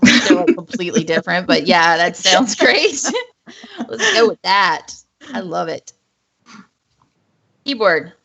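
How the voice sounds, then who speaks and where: Giggly woman hosting a stream, gravelly. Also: lowish voice, very animated, a little slow, long pauses, fairly bright tone. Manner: rambling, giggly, chatty. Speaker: stream host. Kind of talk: casual group livestream chat. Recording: lo-fi voice call audio.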